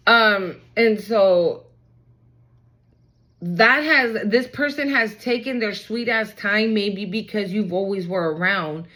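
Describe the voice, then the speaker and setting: A woman's voice: medium pitch, a bit bright, low-quality recording. A woman giving a casual tarot reading, talking straight to viewers in a blunt, hyped way and swearing freely. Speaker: tarot card reader.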